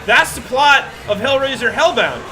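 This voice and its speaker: A high-pitched man chats excitedly as host of a live stream in an arcade. He jokes and rambles in a casual way. Clear music plays behind him. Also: normal speed.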